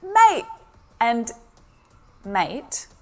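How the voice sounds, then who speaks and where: An Australian woman giving a clear, friendly scripted English lesson as a teacher. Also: fairly high pitch, sing-song, extremely slow.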